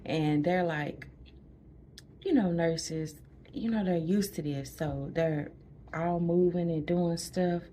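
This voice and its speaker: A woman telling the story of giving birth in a chatty way, laughing often and dropping to a hush at times, in a hospital room. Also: on the low side, slow, a little hiss or hum. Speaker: new mother recounting a birth. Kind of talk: casual storytelling to camera.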